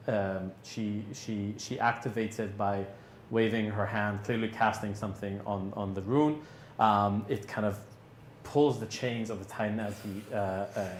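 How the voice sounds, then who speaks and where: A man narrating a tabletop game as game master, halting with many fillers and restarts. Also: on the low side, echoey room, slight background noise.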